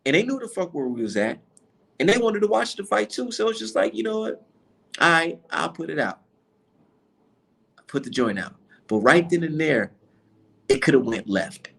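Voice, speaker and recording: A man, a boxing vlogger, telling a story in a casual rant that is animated, profane and full of slang. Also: a little high, brisk, vocal fry, husky.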